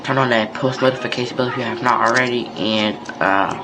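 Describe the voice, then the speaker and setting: A man's voice: medium pitch, steady tone, a little fast, background noise. A young man from North Carolina, telling a story in a laid-back, conversational vlog style. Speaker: vlogger.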